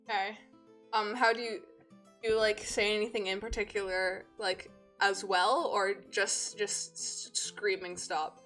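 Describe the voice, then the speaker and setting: A woman runs a tabletop game in a mid-pitched voice, narrating with plenty of "like" and "um" as she goes. Faint music sits under her voice. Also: little pitch movement, unhurried, a bit bright. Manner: rambling, full of fillers. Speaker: game master.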